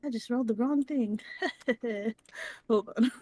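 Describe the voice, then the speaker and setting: A woman's voice: a little high, slow pace, warm tone, dry recording. A woman playing a tabletop game, talking in a casual, easygoing way. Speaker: player.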